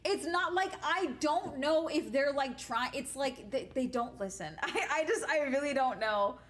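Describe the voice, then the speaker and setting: A young woman streaming and chatting casually, telling stories in a blunt, profane, animated way. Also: high voice, a little slow.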